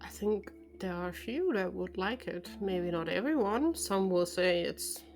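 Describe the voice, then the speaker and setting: Woman player in character, patient and soothing, mid pitch, soft music behind. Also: lively intonation, measured pace. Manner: gentle, reassuring, patient. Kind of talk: in-character tabletop role-play.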